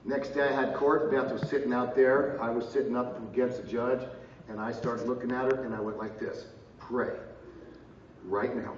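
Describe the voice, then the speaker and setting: A middle-aged man telling a personal story to an audience, lively and loud, acting out what others said. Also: medium pitch, brisk, slight background noise. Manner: lively, loud bursts and laughs, slips into voices of others. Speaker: speaker telling his story at a live event. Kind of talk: animated storytelling with acted-out quotes. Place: large casino hall. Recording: roomy, distant, dull audio with ambience.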